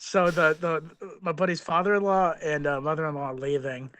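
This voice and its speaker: Bright-voiced young man telling stories. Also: a little high, level tone, brisk, clear, resonant tone, dry recording. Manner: rambling comic storyteller, acts out voices in his anecdotes. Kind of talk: casual storytelling.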